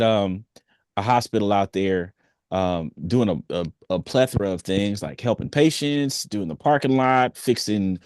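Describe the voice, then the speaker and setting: A young adult man, a singer, chatting casually in an interview with an easygoing, animated manner. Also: fairly low pitch, no room sound, studio quality. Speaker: singer, guest.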